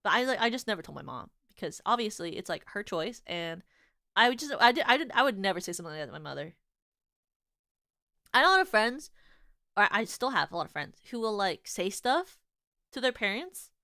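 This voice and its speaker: A young woman chats on her stream in an animated, giggly way, tripping over filler words and restarting her sentences. Her voice is smooth and resonant, with a dry, close sound and no room around it. Her pitch sits right in the middle for a woman. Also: fairly quick, no room sound. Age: young adult. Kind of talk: casual chat.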